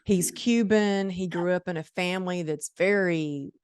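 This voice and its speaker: A woman's voice: fairly low pitch, unhurried, darkish tone, clean tone, no room sound, studio quality. A woman in her forties hosting a podcast, sharing personal stories openly with casual fillers. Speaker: podcast host. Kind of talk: conversational podcast interview.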